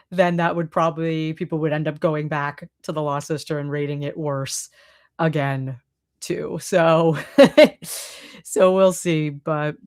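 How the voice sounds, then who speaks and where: A woman's voice: sits low, clear, resonant tone. A woman with a Boston accent chatting casually on a live stream, reading and answering chat with lots of fillers. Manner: chatty, many fillers, laughs often.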